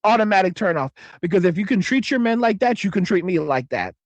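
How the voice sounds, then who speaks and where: A man in his forties hosts a casual, ranting livestream, speaking bluntly and profanely, rambling and often restarting his sentences. His voice sits high, with lively intonation and a quick pace. There is no echo.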